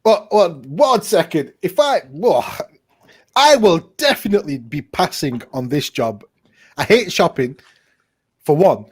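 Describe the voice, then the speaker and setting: A man's voice: on the high side, sing-song, unhurried, darkish tone, slightly rough. A young man co-hosting a casual advice podcast, joking around with cheeky, mock-stern banter. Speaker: podcast co-host.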